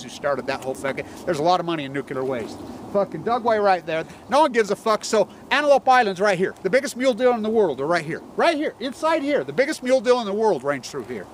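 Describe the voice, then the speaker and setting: A man's voice: sits high, fairly bright tone. A man rambling outdoors about the environment, profane and agitated. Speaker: environmental activist. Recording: noisy outdoor recording with vehicle noise.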